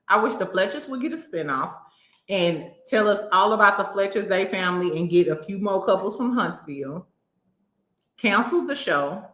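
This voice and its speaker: Woman host, blunt and mocking reality TV commentary, crisp bright tone. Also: mid-range voice, echoey room. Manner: blunt, sassy, cursing, mocking impressions. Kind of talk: casual opinionated commentary.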